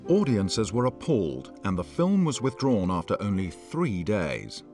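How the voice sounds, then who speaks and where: A man narrating a scripted documentary with a grave, measured delivery. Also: on the low side, big pitch swings, darkish tone, faint music behind.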